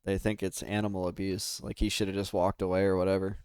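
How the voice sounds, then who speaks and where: A man's voice: deep voice, level tone, fast talker, darkish tone, smooth, no echo, studio quality. An American man livestreaming a game, chatting casually and rambling with his viewers, laughing often. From United States. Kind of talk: casual gaming stream chat.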